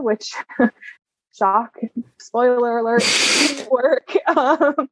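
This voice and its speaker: Breathy woman telling a candid story. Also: on the high side, no echo, muffled recording. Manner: open and emotional, laughs often. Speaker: interview guest.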